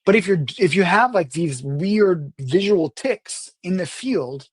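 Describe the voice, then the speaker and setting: Man, public speaking coach, unscripted talk, earnest explainer, slightly high voice, dry close sound. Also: lively intonation, slightly rough, no echo. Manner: earnest and explanatory, uneven pace with slow stressed words; self-corrections and restarts. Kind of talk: unscripted online presentation.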